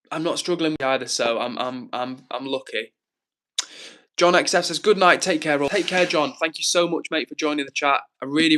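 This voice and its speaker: A man's voice: a little high, pushed and bright. A man hosting a livestream, chatting casually and reading out viewers' comments in an upbeat, encouraging way. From England. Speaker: livestream host.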